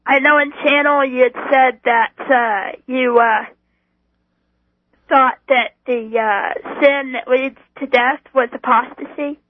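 A woman's voice: high-pitched, steady tone, takes it slowly, no echo. A woman calling in to a show, asking a Bible question hesitantly with many fillers. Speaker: caller. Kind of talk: phone call-in question. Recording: tinny phone line.

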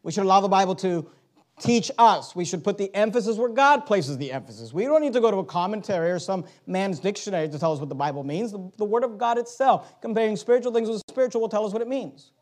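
High-voiced man preaching an emphatic sermon. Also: animated, quick pace, darkish tone. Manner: emphatic, rhetorical questions, reads scripture aloud.

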